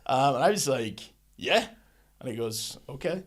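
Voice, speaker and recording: A man's voice: mid-range voice, expressive, normal speed. A young man co-hosting a casual podcast, telling a story with slangy, joking banter. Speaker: podcast co-host.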